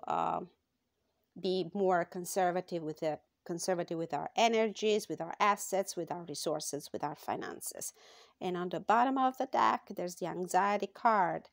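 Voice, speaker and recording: A woman with a gravelly, fry-edged voice gives a casual tarot card reading for her channel. She talks slowly and thoughtfully, pausing often and filling gaps with little fillers. The sound is dry and close. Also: lowish voice, dry recording. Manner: slow, thoughtful, with frequent pauses and fillers.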